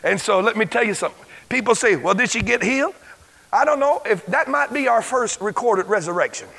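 A male pastor preaching a fervent sermon, shouting his points and dropping to a hush to tell a story. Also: high-pitched, animated, brisk, vocal fry, rough recording. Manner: fervent, swings from loud shouting to hushed storytelling.

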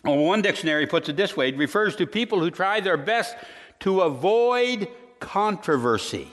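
A man's voice: high voice, animated, moderate pace, a bit bright, long reverb tail. A man, a pastor, preaching a sermon in a folksy way and telling jokes as he goes.

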